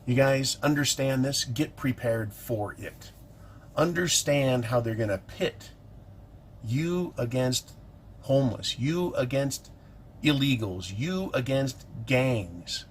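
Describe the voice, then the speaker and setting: A man's voice: mid-range voice, expressive, slow pace, slight background noise. A middle-aged man ranting in an indignant, sarcastic vlog monologue about politics. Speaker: political commentator.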